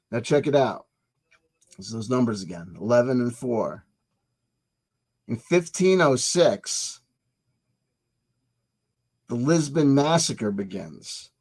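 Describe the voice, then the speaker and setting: A slightly mellow, medium-pitched man runs his own channel, rambling about history and dates. He's tangential and jokey, responds to himself, and often stumbles and repeats his words.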